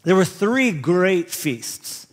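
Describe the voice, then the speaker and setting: A man in his thirties preaching a sermon, telling personal stories in an animated, humorous, self-deprecating way. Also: sits high, drawn-out words. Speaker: pastor. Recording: long reverb of a large hall.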